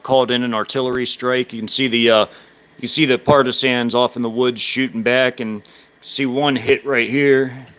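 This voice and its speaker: Halting, rambling man chatting on stream. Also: mid-range voice, a bit bright, smooth. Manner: halting, many restarts and fillers, speech slurs when fast. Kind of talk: casual live-stream chat.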